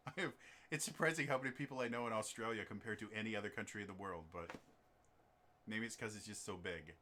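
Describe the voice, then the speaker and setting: Rambling man with a bright voice. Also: on the low side, quick pace, a little hiss or hum. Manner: rambling, chatty, lots of ums and restarts. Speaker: game master and streamer. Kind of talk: casual chat on a stream.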